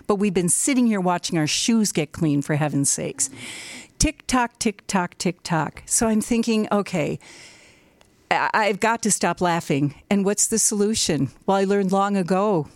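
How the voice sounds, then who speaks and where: A woman tells a funny personal story to an audience, acting out sounds along the way. Her delivery is lively and expressive, and her voice sits close and dry, with no room sound around it. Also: medium pitch, no room sound. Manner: animated, with sound effects. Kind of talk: told personal story on stage.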